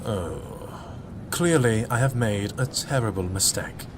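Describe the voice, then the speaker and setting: A man's voice: lowish voice, lively intonation, unhurried. An actor playing an arrogant, snobbish young man in a video game, sneering and haughty. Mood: disdainful. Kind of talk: game voice acting.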